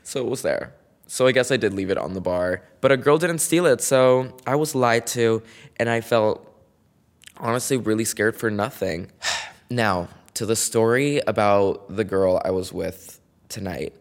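Casting note: male podcast host, low and gravelly, gossipy solo storyteller full of slang. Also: unhurried. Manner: chatty and dramatic, heavy use of "like" and slang.

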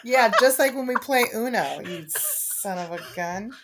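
A woman co-hosting a podcast in casual chat, playful and teasing, quick to push back. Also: fairly high pitch, expressive, a bit bright, slight background noise. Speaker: podcast co-host.

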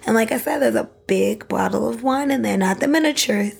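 A woman chatting casually with a co-host in a relaxed, slangy manner. Her voice has a gravelly, creaky edge. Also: on the high side, a little fast, a crowd in the background. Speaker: podcast co-host. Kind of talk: casual chat.

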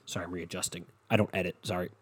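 A man's voice: deep voice, little pitch movement, very fast, slightly rough. A young man hosting his own podcast, ranting in a rambling, profane, worked-up way. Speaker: solo podcast host. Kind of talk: casual unscripted rant.

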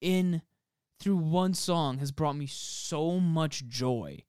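A man's voice: fairly high pitch, very slow, darkish tone, clean tone, no room sound, clean studio sound. A young man co-hosting a podcast, rambling in casual chat with many fillers and frequent swearing. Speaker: podcast co-host.

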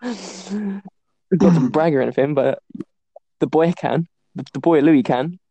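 A young man chats as the host of a podcast, bouncing through anecdotes, quick to laugh and to mimic whoever is in the story. His voice sits a little high but has a soft, mellow tone, and the recording is close and dry. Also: breathy edge, no echo. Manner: animated storyteller, laughing often, acting out voices. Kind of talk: casual chat.

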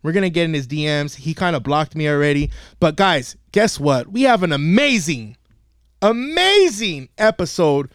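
Man, high voice, swings all over in pitch, profane comic storyteller, podcast host, dry studio sound. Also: normal speed, no echo. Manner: animated, swears constantly, acts out quotes. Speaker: podcast host and youth football coach.

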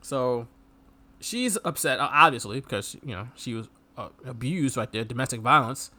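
Animated man mocking movie scenes. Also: mid-range voice, normal speed. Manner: animated, acts out characters mockingly. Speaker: podcast co-host. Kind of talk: casual movie review chat.

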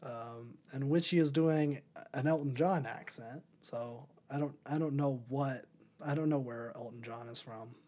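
A man's voice: medium pitch, a little slow, dark tone. Man rambling through a casual movie review. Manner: rambling, many ums and restarts. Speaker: podcast host.

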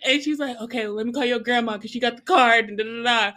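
A young woman casually telling a story, animated and laughing often as she acts out her own reactions, with lots of "like" and "bro". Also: a little high, quick pace. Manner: heavy use of "like" and "bro".

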